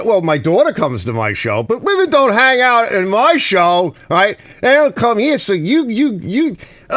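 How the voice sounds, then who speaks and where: Middle-aged man, garage stream host, lively pitch swings, dry close sound. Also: dry recording. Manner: animated, swings from muttering low to shouting high; chatty, addresses viewers as fellas. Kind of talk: casual live-stream rant.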